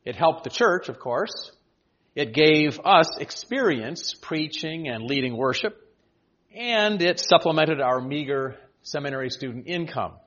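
A man in his sixties, a pastor, reading a prepared farewell address to his congregation in a measured, earnest way with touches of gentle humor. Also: a little high, animated, lo-fi sound.

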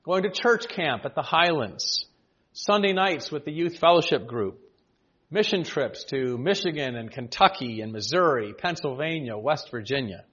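A man in his sixties, a pastor, reading a prepared farewell address to his congregation in a measured, earnest way with touches of gentle humor. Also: fairly high pitch, breathy edge, dull audio.

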